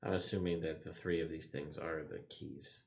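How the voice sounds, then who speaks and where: A man playing a tabletop game, relaxed and thinking aloud. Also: very deep voice, moderate pace, creaky, slight background noise. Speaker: player. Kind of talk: casual tabletop play.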